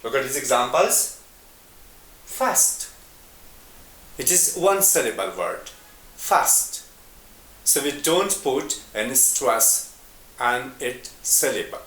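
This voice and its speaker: A man teaching an English lesson in a slow, deliberate way, repeating example words. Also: medium pitch, very animated, fairly bright tone, roomy sound.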